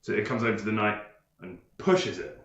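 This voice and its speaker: A man narrating as game master, unhurried, with many fillers and pauses. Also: on the low side, fairly bright tone, reverberant, highs cut off.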